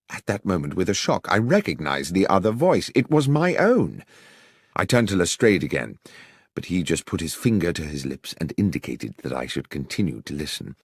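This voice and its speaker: A man reading a story in the first person as an audiobook, with expressive, dramatic delivery. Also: low-pitched, moderate pace, creaky, breathy edge, no echo, studio quality. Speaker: audiobook narrator.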